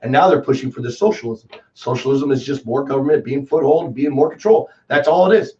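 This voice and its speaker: Man, twenties, Texan accent, rambling guest, talks fast, far from the mic. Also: mid-range voice. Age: 20s. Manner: rambling and excitable, full of "dude" and "man". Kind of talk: casual chat. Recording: distant, dull lo-fi call audio.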